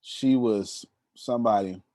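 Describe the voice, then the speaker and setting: A man in his thirties, a motivational speaker telling stories to an audience, animated and addressing the listeners directly with a teasing tone. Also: fairly low pitch, measured pace, dry recording, clean studio sound. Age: 30s. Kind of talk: storytelling talk to an audience.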